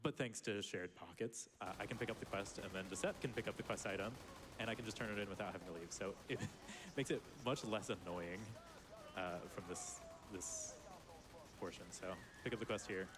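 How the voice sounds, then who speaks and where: A man's voice: on the low side, fairly quick. A man giving casual live commentary on his speedrun, explaining as he plays and laughing often.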